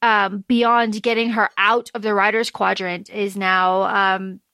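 A woman's voice: medium pitch, level tone, slow, sharp tone, dry recording, studio quality. A woman co-hosting a podcast, chatting casually about a book and reading out quotes between filler ums. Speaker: podcast co-host.

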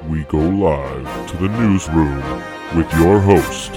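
A man voicing a booming male show announcer in a drawn-out, grandiose delivery. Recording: reverberant with music underneath.

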